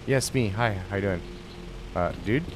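A man's voice: fairly low pitch, normal speed, noisy background. A man commentating a video game playthrough, exasperated and rambling, repeating himself. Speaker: gameplay commentator. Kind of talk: let's play commentary.

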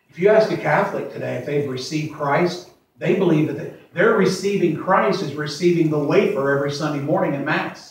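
A man in his forties preaching a sermon as pastor, plain-spoken, repeating himself and slowing down to stress verses. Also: on the high side. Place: church sanctuary. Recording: echoey church from far off.

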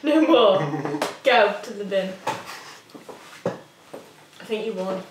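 A woman's voice: mid-range voice, big pitch swings, drawn-out words. A young woman vlogger chatting casually and giggling often. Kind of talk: casual chat. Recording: echoey room, mic far off, faint noise.

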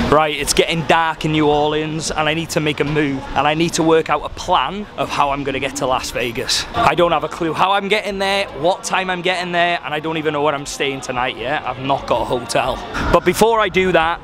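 A man's voice: on the high side, fairly quick, music in the background. A young man hosting a casual travel vlog outdoors in a city park, chatty and friendly. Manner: chatty, friendly, calls people mate. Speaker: travel vlogger host. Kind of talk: upbeat casual vlog to camera.

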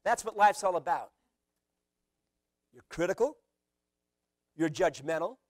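Guy preaching a sermon, pretty high voice, lively, shouts out the quotes, dry close sound. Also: a little slow, dry recording. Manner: animated preaching, acting out quotes with sudden loud shouts. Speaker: pastor.

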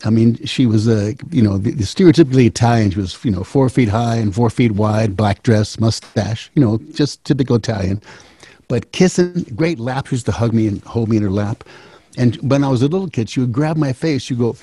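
A man in his seventies telling stories in a relaxed, wry way, full of small restarts. His voice is mellow and warm with a husky grain, sitting at an ordinary middle pitch. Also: normal speed, no room sound. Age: 70s. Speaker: musician and storyteller. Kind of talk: casual storytelling.

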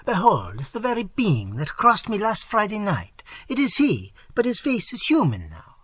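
A man's voice: huge pitch swings, moderate pace, fairly bright tone, husky, no room sound, heavily acted. A man putting on a trembling, terrified Italian mountain guide. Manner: trembling, high and breathless.

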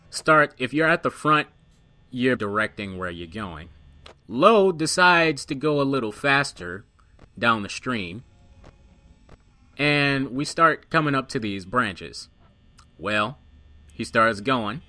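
A young man narrating a funny story over gameplay footage for his channel. His voice is bright and forward, recorded close and dry with no room sound. He swears casually and jumps up loudly whenever he acts out someone in the story. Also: medium pitch, no echo. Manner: animated storytelling, swearing, acting out quotes loudly. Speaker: gaming channel host.

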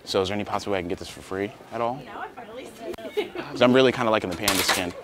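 A man's voice: on the low side, huge pitch swings, very fast, heavy background noise. A young man hosting a prank video, talking casually and pleading in a playful, provocative way.

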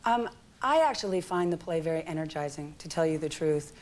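A woman's voice: low-pitched, animated, brisk. A woman in her forties from California, a guest actress telling stories on a talk show and laughing often. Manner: chatty storyteller, laughing often. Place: TV studio.

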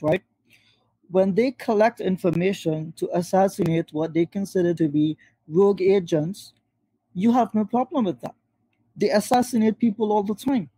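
A man argues fast and insistently on a video call. His voice sits high in pitch, yet its tone is dark and husky. The sound is dry and close. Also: dry recording, poor audio. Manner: rapid, pressing, addresses opponent by name. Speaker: Muslim panelist in a debate.

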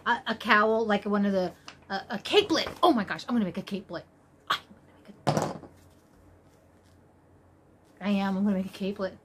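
A woman chatting casually as she unboxes yarn, gushing and exclaiming, her voice jumping high when she gets excited. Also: a little fast, pauses often, noisy background. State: tired after work. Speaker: crochet vlogger.

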